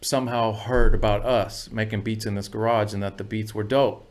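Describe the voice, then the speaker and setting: A man's voice: on the low side, steady tone, moderate pace, darkish tone. A man guesting on a podcast, telling a long story in a loose, profane way, and asking "you know what I mean" again and again. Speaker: music producer guest. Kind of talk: casual storytelling interview.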